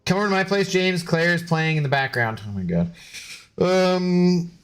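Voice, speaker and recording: A high-pitched, expressive male voice with a clean tone moves at a moderate pace. He's a gaming streamer reading chat and chatting casually with viewers, joking, sarcastic, and swearing freely.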